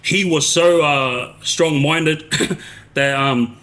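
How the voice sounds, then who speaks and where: A man's voice: a little high, drawn-out words, bright, forceful tone. A man tells a long story on a casual live stream, restarting sentences and tagging them with "yeah?". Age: 40s. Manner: rambling, restarts, frequent tag "yeah?". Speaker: live streamer recounting prison life.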